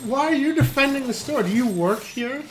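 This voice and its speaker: A man's voice: sits high, normal speed, a crowd in the background, lightly acted, low-quality recording. A man voicing a stubborn, indignant woman shopper in a retold story, with a complaining manner. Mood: huffy. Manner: huffy, complaining. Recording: game music playing behind.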